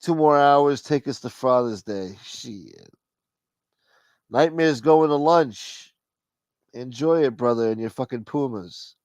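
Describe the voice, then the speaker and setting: A man hosting a live stream, his voice sitting at an ordinary middle pitch. He talks casually and rambles loosely, swearing freely as he tells a story. The sound is dry and close, with almost no room around it. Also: takes it slowly, darkish tone, no room sound.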